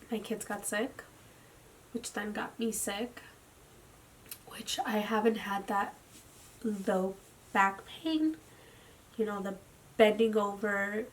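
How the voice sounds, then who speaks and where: A tired young woman speaking a personal video diary at home into her camera. She talks haltingly, with lots of "like," and often drops into a near whisper. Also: medium pitch, slight background noise. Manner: slow, halting, with frequent "like" fillers and soft, near-whispered stretches. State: tired and drained. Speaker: vlogger. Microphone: camera mic.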